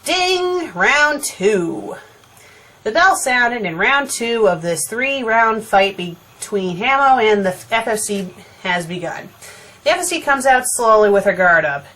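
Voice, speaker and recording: A woman's voice: medium pitch, expressive, measured pace, a bit bright. A young woman reading a fan story aloud for a comedy show, breaking off for dry, sarcastic remarks. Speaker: fanfiction critic and reader. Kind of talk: comedic fanfiction reading with commentary.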